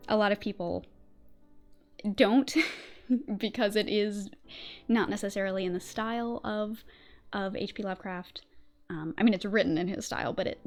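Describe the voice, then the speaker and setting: A woman streamer chatting casually and hesitantly, with fillers and restarts. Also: mid-range voice. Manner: hesitant, many fillers, laughs often. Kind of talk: casual chat.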